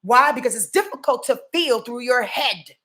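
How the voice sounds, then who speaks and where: Woman astrologer from Yonkers, casual forecast vlog, swears a lot, talks straight to viewers, highish voice, very lively pitch. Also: normal speed. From Yonkers, New York. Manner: profane, animated, addresses viewers directly.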